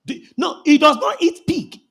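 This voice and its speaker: Very high-voiced fervent Nigerian preacher. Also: male voice, normal speed, vocal fry. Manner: fervent, often shouting, repeats phrases for emphasis. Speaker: pastor. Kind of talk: sermon.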